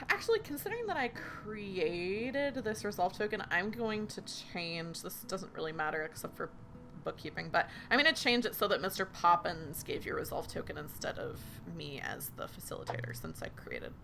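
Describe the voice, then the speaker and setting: A woman's voice: medium pitch, fairly bright tone. A woman facilitating a tabletop role-playing game, chatty and full of fillers. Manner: chatty, many ums and likes, giggly.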